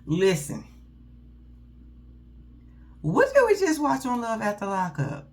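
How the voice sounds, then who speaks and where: A woman, giving a casual, loud and profane recap of a reality show and laughing often. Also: a little high, wildly swooping pitch, slow.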